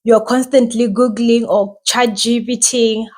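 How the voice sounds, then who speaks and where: Chatty mom giving parenting advice. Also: female voice, on the high side, fairly even intonation, a little slow, hardly any pauses. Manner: chatty, reassuring, asks "right?" often. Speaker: podcast host and mother. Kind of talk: casual advice talk.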